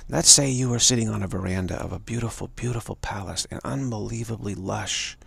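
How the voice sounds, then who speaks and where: A man giving a live spiritual talk, halting and repeating words as he tells a story and acts out the voices in it. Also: on the low side, gravelly, fairly bright tone, slightly rough, dry recording. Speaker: spiritual teacher.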